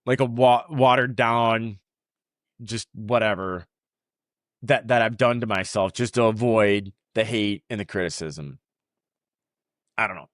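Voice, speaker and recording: A man's voice: lowish voice, measured pace, pauses often, no echo, studio quality. A man in his forties hosting his own podcast, talking off the cuff in a rambling, repetitive way. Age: 40s. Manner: rambling, repeats himself, animated. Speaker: podcast host. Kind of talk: unscripted casual monologue.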